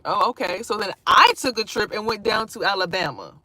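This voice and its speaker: A woman vlogger telling a personal story in a casual, animated way, swearing freely and acting out what people said. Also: mid-range voice, fairly quick, no echo. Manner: animated, profane, acts out quotes.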